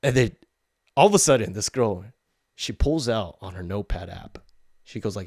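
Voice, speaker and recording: A man's voice: fairly low pitch, animated, moderate pace, long pauses, darkish tone, no echo, studio quality. A man hosting a podcast, telling a story in a blunt, profane, heated rant. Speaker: podcast host. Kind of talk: ranting storytelling.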